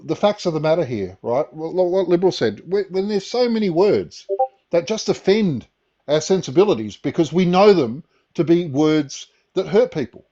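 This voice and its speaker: A man's voice: on the high side, animated, normal speed, warm tone, dull audio. A man on a live stream panel debate, arguing emphatically and profanely and checking in with the listener. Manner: emphatic and profane, keeps asking "right?".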